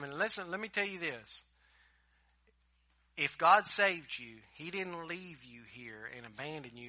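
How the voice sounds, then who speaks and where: Male pastor delivering an emphatic sermon; bright, cutting tone, slightly high voice. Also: no room sound, studio quality. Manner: emphatic preaching, swinging between loud and hushed.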